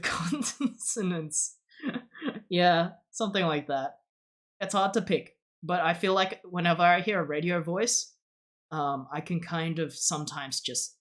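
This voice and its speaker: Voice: medium pitch, a bit bright. A streamer chatting casually and rambling, with many fillers and restarts. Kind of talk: casual chat on a live stream.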